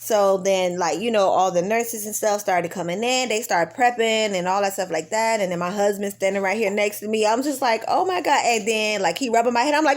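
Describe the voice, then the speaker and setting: A woman's voice: mid-range voice, moderate pace, hardly any pauses. A woman in her thirties casually telling a birth story to her viewers, acting out the voices of the people in it. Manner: animated retelling, acting out her own pleas. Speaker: vlogger.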